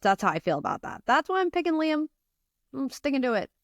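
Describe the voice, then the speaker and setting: A woman's voice: sits high, big pitch swings, a little fast, creaky, no echo, studio quality. An American woman hosting a casual podcast chat, teasing her co-hosts and laughing often. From United States. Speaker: podcast host.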